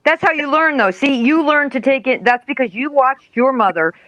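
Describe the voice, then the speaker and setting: A woman from near New York hosting a live online chat, talking in an animated, supportive way and often rambling into her own stories. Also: high-pitched, normal speed, no room sound, muffled recording. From near New York, United States. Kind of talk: casual chat.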